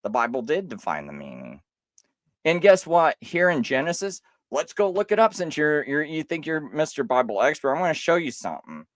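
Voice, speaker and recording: A man's voice: a little high, sing-song, moderate pace, dry recording. A man hosting a livestream, rebutting a critic in a sarcastic, mocking tone with frequent laughs. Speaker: livestream host.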